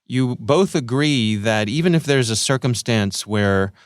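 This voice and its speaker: A man co-hosting a podcast in casual chat, lively and joking around. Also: mid-range voice, a little slow, no echo, clean studio sound. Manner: lively, chatty, jokes around. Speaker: podcast co-host.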